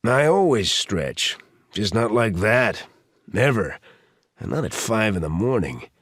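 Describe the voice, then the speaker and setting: Narrator doing a mid-forties guy, jokey and laid back, low voice. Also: sing-song, takes it slowly, a bit bright, dry recording, studio quality, exaggerated voice. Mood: joking. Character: joking mid-forties man, easygoing and a bit sheepish.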